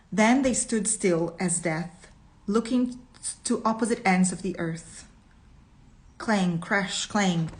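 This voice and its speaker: Woman reading slowly and deliberately. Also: medium pitch. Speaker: literature teacher. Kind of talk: reading a short story aloud with commentary.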